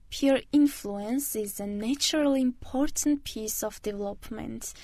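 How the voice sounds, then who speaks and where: Higher-voiced woman hosting a radio show. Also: a little mellow, dry recording. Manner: careful, measured reading. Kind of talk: scripted radio talk.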